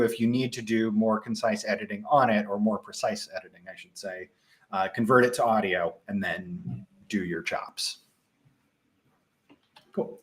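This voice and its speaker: A young man with a Midwestern accent, casually presenting a live software tutorial with frequent ums and restarts. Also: fairly low pitch. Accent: Midwestern American.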